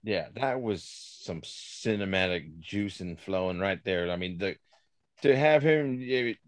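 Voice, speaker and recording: A man's voice: deep voice, lively intonation, measured pace, dry recording. A man in casual podcast chat, laid-back and slangy, laughing along.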